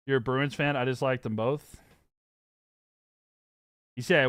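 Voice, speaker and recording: A man's voice: mid-range voice, fairly even intonation, unhurried, pauses often, fairly bright tone, clean tone, no echo, studio quality. A man from the American South with a Southern accent, casually chatting on a live stream and reading viewer comments in a rambling, laughing way. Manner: laid-back, rambling, fillers, laughs often. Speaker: sports streamer.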